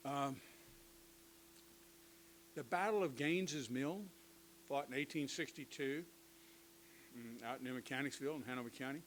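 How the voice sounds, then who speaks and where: An older man giving a conversational history lecture to teachers, with lively asides and touches of humor. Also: mid-range voice, moderate pace, long pauses, a little hiss or hum, rough recording. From United States.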